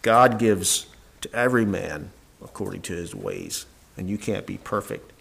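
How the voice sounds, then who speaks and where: A man's voice: low-pitched, wildly swooping pitch, a little slow, gravelly, a bit bright, a little hiss or hum. A man preaching a sermon, reading old-fashioned scripture verses aloud and then explaining them in plain words with frequent restarts.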